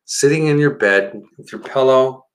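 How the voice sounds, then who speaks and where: A man's voice: medium pitch, moderate pace, rough recording. Man, live-stream host, casual rambling chat, talks straight to viewers.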